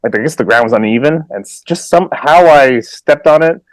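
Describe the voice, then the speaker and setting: Laughing, animated podcast guy. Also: medium pitch, fairly quick, dry recording. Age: adult with children. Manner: animated, laughs often, slips into silly voices. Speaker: podcast co-host. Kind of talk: casual chat.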